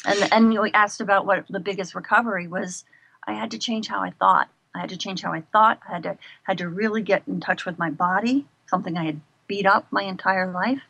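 Guest: middle-aged woman, slight vocal fry, dry close sound, lively storyteller. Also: medium pitch, brisk, dry recording. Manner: animated, expressive storyteller. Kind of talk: casual interview chat.

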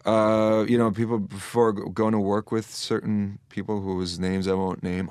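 Low-voiced man, earnest and reflective. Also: little pitch movement, moderate pace, darkish tone, clean tone, no room sound, studio quality. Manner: earnest and reflective, thinking aloud with restarts. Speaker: actor and interview guest. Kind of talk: casual interview chat.

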